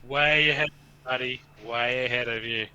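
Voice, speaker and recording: A man's voice: medium pitch, fairly even intonation, normal speed, bright, forceful tone, smooth, muffled recording. A man with an Australian accent chatting casually and joking around as a player in a tabletop game.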